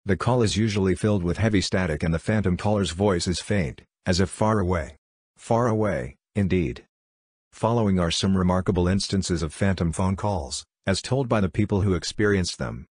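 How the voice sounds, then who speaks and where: Low male narrator, dry and close, steady read of ghost stories. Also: fairly quick, husky, no echo.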